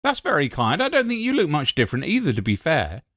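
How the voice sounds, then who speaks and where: A man's voice: fairly high pitch, wildly swooping pitch, quick pace, fairly bright tone, dry recording, studio quality. A middle-aged man from Ipswich, chatting in a podcast interview, telling rambling stories and laughing often. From England (Ipswich, Suffolk). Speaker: radio presenter guest.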